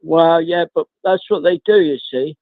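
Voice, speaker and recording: A man calling in to a live stream, rambling with many pauses and calling the host mate. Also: on the high side, dry recording. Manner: rambling, says mate a lot, frequent ums. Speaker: caller. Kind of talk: casual phone chat. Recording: tinny dry phone line.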